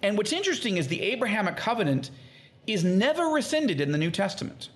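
This man talks at a quick pace in a voice that sits high. As a podcast guest he teaches on the Bible through conversation, animated throughout, acting out quoted speech in lively tones.

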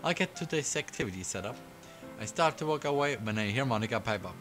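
A man streaming himself reading a visual novel aloud, breaking off into giggly, excitable asides. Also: mid-range voice, fast. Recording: faint game music behind.

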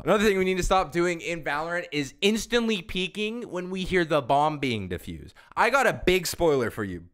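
A man's voice: a little high, a bit bright. A man ranting about a video game as a gaming YouTuber, exasperated and profane. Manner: exasperated, profane, acts out teammates in quick asides. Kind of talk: ranting gameplay commentary.

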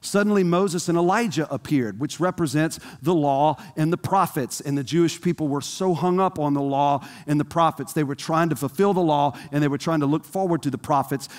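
A man delivers a sermon in an easy, conversational way. He asks his listeners questions as he preaches. His voice sits a bit high, and a long reverb from the church hall trails behind it. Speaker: pastor.

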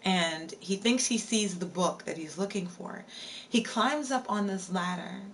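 This time her mid-range voice moves at a measured pace, with a little hiss or hum in the recording. She's still spinning a spooky tale for her livestream in a casual way, repeating lines and breaking off to reply to chat.

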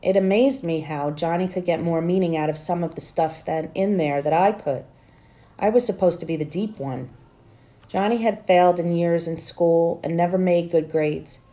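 Low, mellow woman reading a novel aloud. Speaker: teacher.

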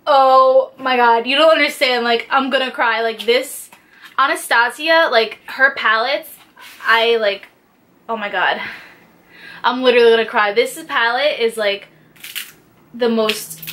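A young woman beauty vlogger chats excitedly about makeup, gushing and piling on filler words. Her voice sits a little high and sounds bright and sharp. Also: measured pace, pauses often. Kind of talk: casual unboxing chat.

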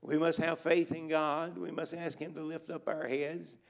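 A middle-aged man preaches an emphatic revival sermon in a church sanctuary during a conference, exhorting the congregation and hammering points home through repetition. His gravelly voice is fairly high, level in tone, at normal speed.

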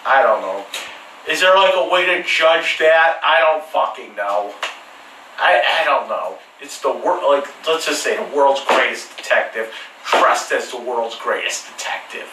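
A man's voice: mid-range voice, animated, measured pace, noisy background. Rambling profane man in an echoey room. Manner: crude, profane and joking, with many restarts. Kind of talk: rambling casual monologue. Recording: echoey room, mic far off.

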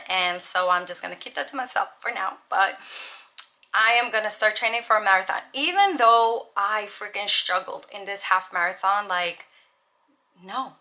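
Chatty, bright-voiced young woman vlogger. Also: mid-range voice. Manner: chatty, earnest, lots of "like". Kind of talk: casual vlog monologue.

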